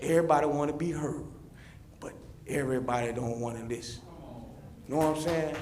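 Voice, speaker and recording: Fervent high-voiced man. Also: brisk, a little mellow. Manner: fervent, repetitive, addresses officials directly. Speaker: public commenter. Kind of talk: impassioned public comment. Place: city meeting chamber. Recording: roomy echoey chamber.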